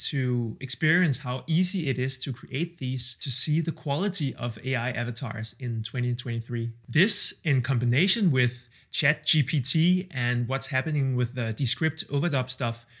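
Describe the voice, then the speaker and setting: A man's voice: mid-range voice, moderate pace, few pauses, a bit bright. A man, talking casually and candidly with a self-deprecating streak as he tests AI tools for a vlog. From Denmark. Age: 30s. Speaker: video creator testing AI tools. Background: faint background music.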